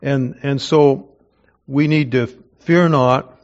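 A man of middle pitch leads a verse-by-verse Bible teaching. He reads scripture aloud, then explains it in an easy, conversational way. The recording sounds a little dull and lo-fi. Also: steady tone, takes it slowly, darkish tone.

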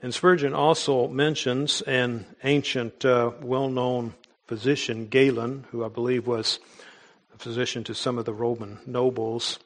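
A man's voice: mid-range voice, little pitch movement, measured pace. A man preaching a sermon in an earnest, emphatic way, with small restarts as he goes. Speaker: pastor.

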